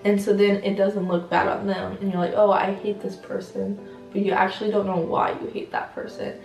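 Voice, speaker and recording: A shy teenage girl co-hosting a casual sit-down chat, soft-spoken and hesitant, full of fillers. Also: medium pitch, level tone, fairly quick, creaky. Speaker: channel co-host. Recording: roomy sound, mic at a distance, faint music.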